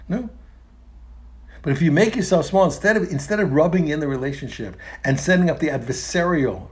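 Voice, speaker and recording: A man teaching a religious text, talking in an animated, emphatic way and often repeating phrases and restarting. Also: high voice. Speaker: Torah teacher. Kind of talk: explaining a text in a lesson.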